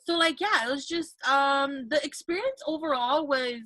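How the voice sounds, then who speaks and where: A woman's voice: high-pitched, normal speed, pushed and bright, dry recording. A woman in her twenties, a podcast host, chatting casually and telling stories with lots of fillers. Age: 20s. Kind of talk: casual chat.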